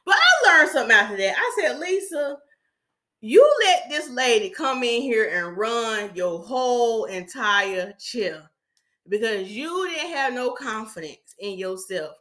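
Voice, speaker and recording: Lively, bright-voiced woman telling stories. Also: on the high side, a little slow. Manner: animated, plays out quoted voices of clients. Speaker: hair stylist and podcast host. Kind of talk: storytelling podcast talk.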